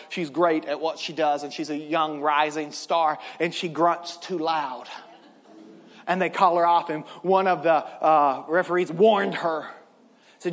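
Animated preacher man in a reverberant hall. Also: high-pitched. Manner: animated storytelling, bursts into loud shouts. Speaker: pastor. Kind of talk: sermon.

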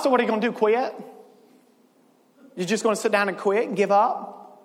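A man preaching a sermon as pastor in a church, in an impassioned style that builds to shouting. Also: sits high, brisk, pauses often, big-room sound.

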